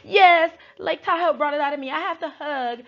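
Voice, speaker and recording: A woman's voice: high voice, moderate pace, pitched above the performer's own voice. A woman mimicking a gushing sweet-voiced woman. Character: gushing eager woman, sugary and pleading. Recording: dull lo-fi recording.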